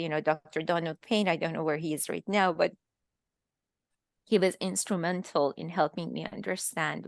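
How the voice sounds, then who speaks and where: A woman in her fifties from Iran, telling her own story in a halting, emotional way over a video call. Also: on the low side, gravelly, fairly bright tone, no room sound, clean studio sound. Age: 50s. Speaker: guest. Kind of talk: personal testimony in a virtual talk.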